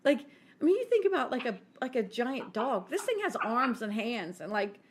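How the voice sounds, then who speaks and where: A woman co-hosting a podcast, telling a story in an animated, giggly way and acting out the quotes. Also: on the high side, normal speed, slight background noise. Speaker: podcast co-host. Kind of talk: casual storytelling chat.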